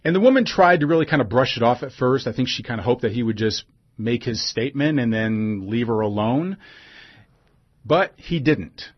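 A man recounting something he saw, talking casually with fillers and little asides. His voice sits at an ordinary middle pitch. The recording sounds a bit dull and lo-fi. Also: lively intonation, normal speed, husky. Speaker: storyteller. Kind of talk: personal anecdote monologue.

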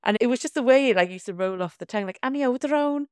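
Welsh woman, thirties, chatty storyteller, smooth clear voice, dry close sound. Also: mid-range voice, very fast, no echo. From Wales. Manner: chatty, animated storytelling with laughter. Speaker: podcast co-host, doctor. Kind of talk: casual chat.

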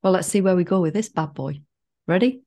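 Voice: medium pitch, lively intonation, brisk, a little mellow. A podcast co-host in casual chat, teasing and playful.

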